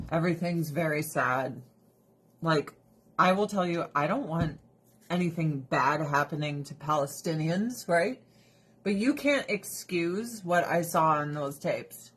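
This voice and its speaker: A livestream host doing her skincare vents bluntly, swearing and bursting into laughter between comments. She has a deep, slightly bright, husky voice.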